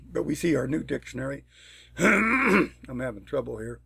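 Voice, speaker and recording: A man talking through a programming tutorial step by step, unhurried and thinking aloud, often clearing his throat. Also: mid-range voice, very animated, bright, forceful tone, dry recording. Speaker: tutorial presenter. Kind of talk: screen-recorded programming tutorial.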